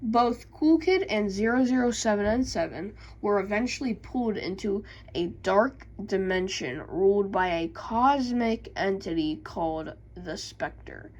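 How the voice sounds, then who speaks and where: A woman YouTuber reading game lore aloud with casual asides, halting and stumbling over words. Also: mid-range voice, lively intonation, a little mellow, dull audio.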